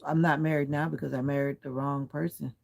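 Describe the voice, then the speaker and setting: A man on a casual home livestream, lying back with a pillow and comforter, reads and answers viewer comments one at a time, firm but polite about clean language. His voice is on the high side, creaky, level in tone, and fairly quick.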